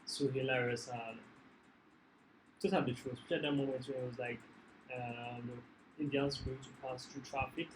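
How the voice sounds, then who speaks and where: A man hosting a reaction video, excitedly praising what he watched. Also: mid-range voice, moderate pace, long pauses, a little hiss or hum, rough recording. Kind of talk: casual reaction chat.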